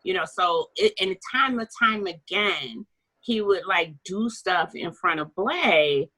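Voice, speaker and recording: A woman co-hosting a casual book club chat, animated and chatty, with quick asides and the odd swear. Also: on the low side, low-quality recording.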